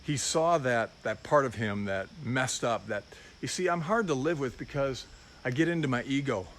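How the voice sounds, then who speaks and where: A man's voice: medium pitch, normal speed, fairly bright tone, a little hiss or hum. A middle-aged man giving an informal, personal sermon as a pastor, reflective and confessional.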